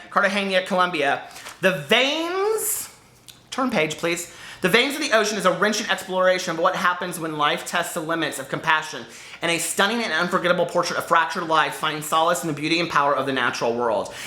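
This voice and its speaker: A man's voice: sits high, sharp tone. An American man vlogging casually to camera about books, chatty and rambling with lots of asides. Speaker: book vlogger. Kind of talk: casual unboxing chat to camera. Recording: echoey room.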